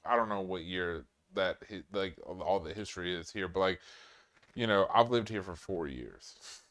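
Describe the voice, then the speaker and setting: Young man, from New York, smooth clear voice, casual podcast chat, animated, lots of fillers. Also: low-pitched, moderate pace. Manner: animated, loose, many fillers. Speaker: podcast guest.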